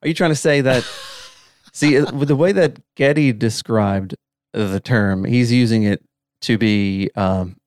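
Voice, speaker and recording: A man's voice: mid-range voice, unhurried, darkish tone, dry recording, clean studio sound. A man co-hosting a podcast, chatting in an easygoing, rambling way over a video call. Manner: easygoing, rambling, many fillers. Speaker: podcast co-host. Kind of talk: casual podcast chat.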